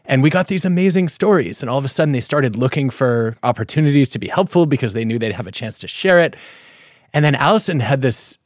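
A man hosting a podcast interview, telling a family story in a thoughtful way and asking measured questions. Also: mid-range voice, lively intonation, dry recording, studio quality. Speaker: podcast host.

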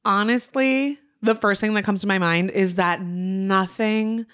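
Woman host, 30s, casual podcast chat, emotional and profane, clear polished tone. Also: medium pitch, moderate pace, fairly bright tone. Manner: heartfelt, swears freely, near tears.

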